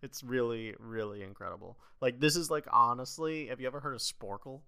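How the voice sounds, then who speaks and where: A man co-hosts a casual sports podcast, his voice sharp and bright with a smooth, resonant clarity. He talks in a lively, animated way, laughing easily and peppering his sentences with "like.". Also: medium pitch, brisk, dry recording. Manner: animated, laughs often, heavy use of "like". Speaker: podcast co-host.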